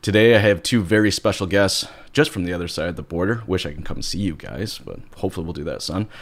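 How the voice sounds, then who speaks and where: A man's voice: low voice, fast talker. A man hosting a podcast, upbeat and joking, chatting casually with guests. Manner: upbeat, laughs often, joking. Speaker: podcast host.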